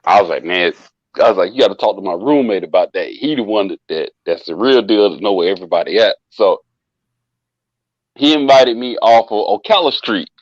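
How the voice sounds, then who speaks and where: Speaking briskly in a lowish voice, a man casually tells a friend a long, profane story about a party, acting out what people said in animated fashion. The recording is dull, lo-fi and dry, with no room sound.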